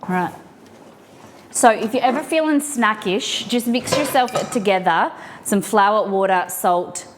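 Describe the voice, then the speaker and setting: A young woman with a medium-pitched, slightly slow voice chats casually on a live stream while cooking in her home kitchen. She's playful and rambling, dropping giggly asides, and there's a faint hiss or hum in the audio.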